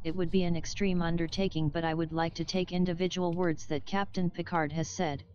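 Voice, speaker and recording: A woman reading chat messages aloud in a flat, even way. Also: on the low side, fairly quick, lo-fi sound, a little hiss or hum.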